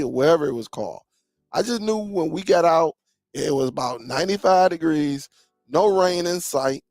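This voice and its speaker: A man's voice: a little high, creaky, darkish tone, dry recording. A man in his forties hosting a casual live chat with viewers, laid-back and full of stories, dropping "man" often. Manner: laid-back, storytelling, chatty with frequent "man". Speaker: live stream host.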